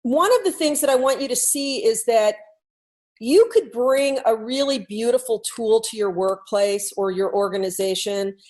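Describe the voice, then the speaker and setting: A woman coach telling a classroom story in a lively, conversational talk, explaining her ideas through questions. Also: on the high side, normal speed. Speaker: workplace culture coach.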